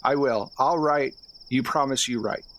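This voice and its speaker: A man voicing a warm uncle who gently reassures and encourages a kid. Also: medium pitch, measured pace, close to an everyday voice, low-quality recording. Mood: tender.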